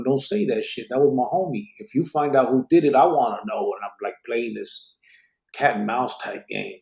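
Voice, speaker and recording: A man with a gravelly, fry-heavy voice talks casually on a podcast. He is middle-aged and tells his stories in an animated way, full of street slang and swearing. His pitch sits in an ordinary middle range. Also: a little fast, roomy sound. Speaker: podcast host.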